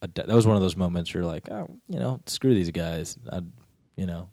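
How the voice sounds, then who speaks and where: A young man, a comedian and actor, telling stories in a casual podcast chat, jumping into high voices to act out quotes. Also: fairly quick, dry recording, clean studio sound. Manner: animated storyteller, acts out quotes in high voices.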